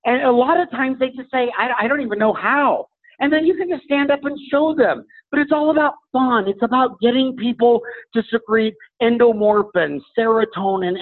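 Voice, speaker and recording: A middle-aged male dentist telling lively stories as a podcast guest, acting out his talks with patients. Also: sits high. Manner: animated, acts out dialogue with patients. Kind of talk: energetic storytelling interview talk. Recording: tinny phone-like audio.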